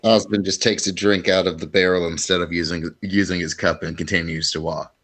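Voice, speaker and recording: A man playing a tabletop game, calmly describing his character's actions in casual chat. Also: low-pitched, a little fast, husky. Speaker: player.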